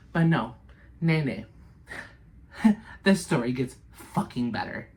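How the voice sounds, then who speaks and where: A woman vlogger telling a story to her viewers, animated and breathless, swearing constantly. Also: rumbling low, slow pace, pauses often. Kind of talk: casual storytelling to camera.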